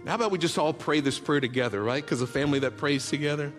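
A man preaching a sermon as a pastor, telling tender stories in a soft voice and building to loud, rallying calls to the congregation. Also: fairly high pitch, quick pace. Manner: heartfelt storytelling that swells into loud rallying calls; drops to soft, hushed tones for tender moments. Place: large church auditorium. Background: soft background music.

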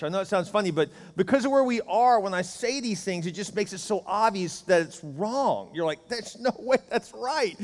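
A man pastor giving a conversational, joking sermon full of rhetorical questions. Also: high-pitched. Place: church sanctuary. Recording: church hall reverb.

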